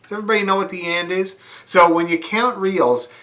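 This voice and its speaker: A man's voice: high voice, fairly even intonation, fairly quick, bright, forceful tone. A man teaching fiddle, demonstrating bowings, counting beats aloud and often checking that his students are following. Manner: frequent check-ins asking students if they see. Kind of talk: online music lesson.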